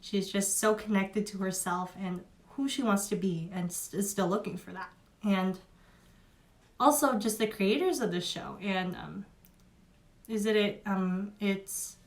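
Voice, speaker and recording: A young woman giving a casual spoken review, chatty and emotional, with many fillers and restarts. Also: mid-range voice.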